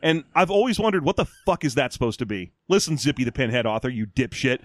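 A man co-hosting a podcast in casual chat, animated and mock-ranting with plenty of swearing. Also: medium pitch, fast, hardly any pauses, dry recording, clean studio sound. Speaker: podcast co-host.

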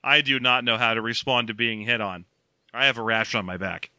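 Man doing a stiff, formal young woman, low, flat, halting. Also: clear, resonant tone, no echo. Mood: deadpan.

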